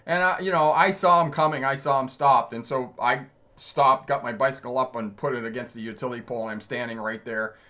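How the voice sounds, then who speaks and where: Guy on a livestream chatting about driving, mid-pitched voice, keeps chuckling through his stories, easygoing. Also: brisk, sharp tone. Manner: chatty, laughs often mid-sentence. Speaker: driving instructor and channel host. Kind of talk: casual livestream storytelling, answering chat comments.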